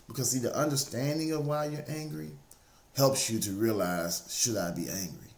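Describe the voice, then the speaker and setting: A motivational speaker with a mid-range voice and moderate pace gives a casual, faith-based talk, repeating key phrases again and again to drive them home. The recording has a roomy, echoey sound.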